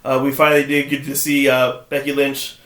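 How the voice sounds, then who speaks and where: A man putting on a boastful southern-gentleman CEO with a put-on Southern drawl, co-hosting a comedic wrestling chat. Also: mid-range voice, completely flat delivery, a little fast, reverberant, pitched below the performer's own voice, close to an everyday voice. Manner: boastful, self-important. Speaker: co-host.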